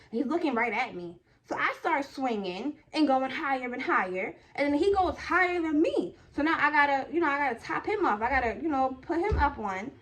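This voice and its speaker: Young woman vlogger, casual storyteller, slightly high voice, chatty with lots of fillers. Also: a bit bright. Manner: chatty, full of "like" and "okay?".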